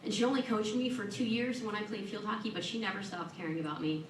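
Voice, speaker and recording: A woman giving a heartfelt hall of fame acceptance speech at a podium, earnest and warm with self-deprecating humor. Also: mid-range voice, fast, a little hiss or hum. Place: large event hall at an awards ceremony. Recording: echoey room, voice from far off.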